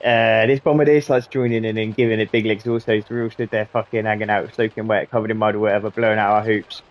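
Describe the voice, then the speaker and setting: A man's voice: fairly low pitch, flat delivery, quick pace, highs cut off. A young man swearing freely and laughing as he tells rambling stories while gaming. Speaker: gaming channel host. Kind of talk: casual storytelling while gaming.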